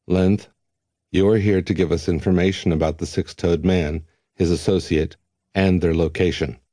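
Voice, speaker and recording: A flat, commanding voice from an unseen official, voiced by a male narrator, clipped and a little irritated. The pitch sits very low and the tone is dark and mellow. The recording is dry and close. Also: normal speed, no echo.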